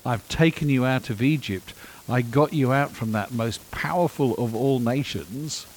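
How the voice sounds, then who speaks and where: A firm, reproachful God addresses a complaining people, as a preacher in mid-range voice puts him on. A faint hiss lies under the recording. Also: male voice, mid-range voice, a little slow, natural voice, poor audio. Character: stern but caring God scolding his people.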